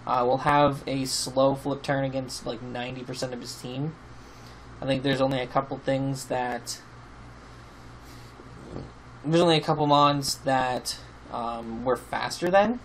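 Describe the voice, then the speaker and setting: A man's voice: medium pitch, fairly even intonation, a little slow, pauses often, a bit bright, low-quality recording. Man, rambling casual game commentary, sleepy, faint background noise. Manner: rambling, many fillers and restarts, swears casually. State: sleepy, yawning. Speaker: YouTube team-building host. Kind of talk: casual commentary over gameplay.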